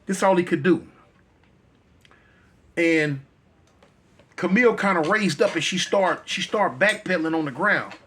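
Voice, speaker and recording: A man's voice: sits high, measured pace, pauses often, a bit bright, breathy edge. A male storyteller telling a dramatic tale in a conversational, repetitive way.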